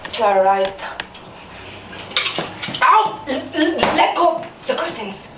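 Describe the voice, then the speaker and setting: Using a full character voice that's high-pitched, sing-song and slow, the actress portrays a resentful, bitter young maid, scornful and fierce, mocking with sarcasm before swinging into outbursts. A distant room mic picks her up from far off in an echoey small theatre, with faint noise in the background.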